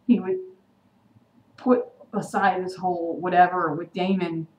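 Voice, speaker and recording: A woman's voice: fairly low pitch, little pitch movement, unhurried, darkish tone. A woman recapping a TV episode in a casual vlog, heated and indignant, slipping into sarcastic mimicry. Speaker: TV episode vlogger. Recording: echoey room with faint ambient noise.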